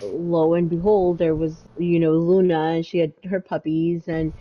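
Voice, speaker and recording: A woman's voice: lowish voice, level tone, moderate pace. A woman co-hosting a podcast, telling a long casual story full of fillers and restarts. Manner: rambling, lots of fillers and restarts. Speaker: podcast co-host. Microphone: home mic with audio issues. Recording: dull lo-fi audio.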